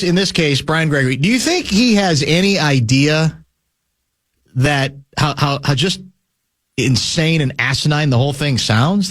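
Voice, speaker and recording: A man's voice: on the high side, a bit bright. A man hosting sports talk radio, riffing sarcastically in casual banter and often repeating words as he searches for the next one.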